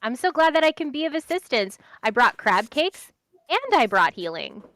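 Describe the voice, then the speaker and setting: A woman's voice: sits high, very animated, moderate pace, fairly bright tone, dry recording. A woman role-playing a healer at a tabletop game, cheerful and eager to help. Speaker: tabletop game player, cleric. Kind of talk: in-character role-play.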